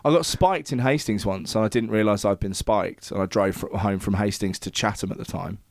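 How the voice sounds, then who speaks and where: A man's voice: on the low side, fairly quick, no room sound, studio quality. A man, telling sweary, self-deprecating anecdotes in a casual chat.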